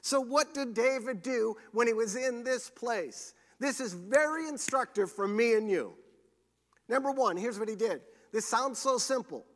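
A man preaching a sermon as pastor, earnest and slowing down to press scripture home. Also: very high-pitched, fairly bright tone. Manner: earnest, slows for scripture and emphasis. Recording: long hall reverb.

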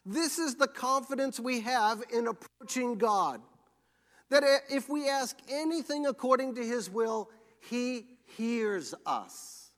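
A man preaching a sermon as pastor, earnest and slowing down to press scripture home. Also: very high voice, a bit bright. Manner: earnest, slows for scripture and emphasis. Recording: long hall reverb.

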